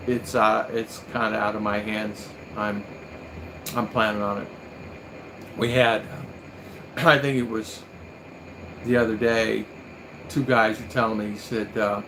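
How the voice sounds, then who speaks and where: A man's voice: on the low side, little pitch movement, takes it slowly, pauses often, noisy background. A man chatting as a livestream guest, rambling through a personal story in casual anecdotal chat.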